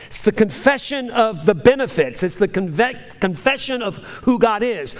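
A man's voice: sits high, animated, moderate pace, hardly any pauses, long reverb tail. A pastor leading his congregation through a spoken confession of faith, declaiming in emphatic rising phrases.

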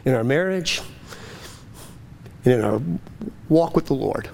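A man preaching a sermon, swinging between urgent, rising pleas and low, quiet passages. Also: animated, a little slow, vocal fry, slight background noise. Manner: impassioned, rising to urgent high pleas then dropping low. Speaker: pastor.

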